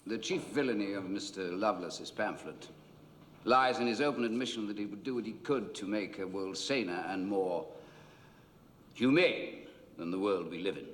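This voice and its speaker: An actor playing a cold, sardonic lawyer addressing a judge in measured tones, in a film drama. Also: male voice, fairly low pitch, fairly bright tone, slight background noise. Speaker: barrister in court. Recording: echoey courtroom.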